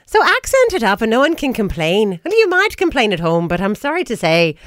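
A woman with an Australian accent co-hosting breakfast radio, playful and quick to laugh, speaking from a studio microphone. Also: on the high side, huge pitch swings, a bit bright, no room sound. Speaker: radio co-host.

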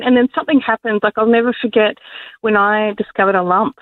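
A woman, sharing an emotional faith testimony and leading a prayer, quick to laugh and to quote herself. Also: a little high, steady tone, no room sound. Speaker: guest on Christian radio. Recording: dry phone-line sound.

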